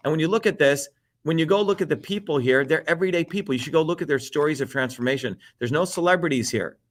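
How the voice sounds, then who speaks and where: A man's voice: fairly high pitch, quick pace. Fiery profane man ranting hard. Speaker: political candidate guest. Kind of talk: heated profane rant.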